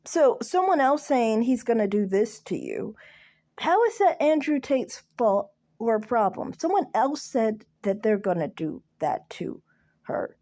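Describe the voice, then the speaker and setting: A woman guest in a casual discussion who talks in a measured, hesitant way with fillers. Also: on the high side, very animated, mellow.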